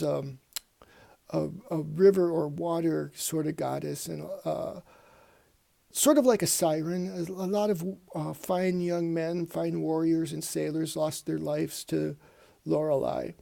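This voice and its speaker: A man's voice: fairly high pitch, creaky, warm tone. A man hosting a casual comic book review show, rambling and reading panels aloud in put-on voices.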